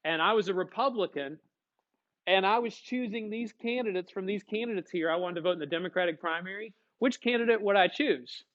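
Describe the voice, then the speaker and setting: A man teaching a classroom lecture, lively, acting out short dialogues as he explains. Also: sits high, brisk, dull audio. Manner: animated, acts out little dialogues.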